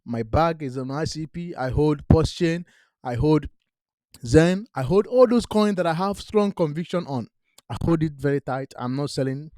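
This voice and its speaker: A man's voice: on the high side, moderate pace, a little mellow, dry recording. Emphatic man pushing crypto strategy. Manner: emphatic, repeats "all right?", non-native grammar. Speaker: crypto channel host. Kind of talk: direct-to-camera investment talk.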